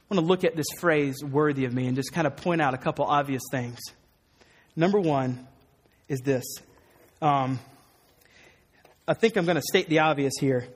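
A man's voice: a little high, husky, big-room sound. A man preaching a sermon, earnest and emphatic, with some wry asides. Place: church hall.

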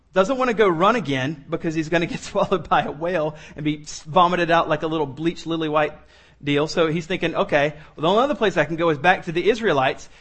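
A man preaching a sermon, animated, acting out the lines of the people in the story and laughing often. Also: fairly high pitch. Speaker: pastor.

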